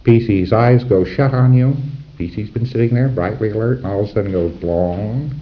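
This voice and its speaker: A man's voice: fairly low pitch, normal speed, highs cut off, a little hiss or hum. A man giving an informal lecture to trainees, talking conversationally and acting out little dialogues. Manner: conversational, acts out dialogues and chuckles at his own examples.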